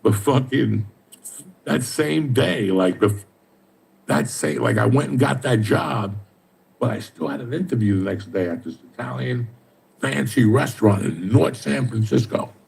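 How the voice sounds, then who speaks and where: A man's voice: medium pitch, animated, measured pace, vocal fry, darkish tone, slightly rough. A middle-aged man, telling profane, streetwise stories in casual chat. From New Jersey. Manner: streetwise, swears constantly, tells stories with mimicked dialogue.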